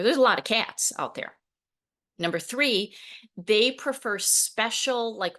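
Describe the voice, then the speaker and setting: A woman in her forties hosting a podcast, telling stories with lively laughs and acted quotes. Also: mid-range voice. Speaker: podcast host, program founder. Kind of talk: solo podcast talk.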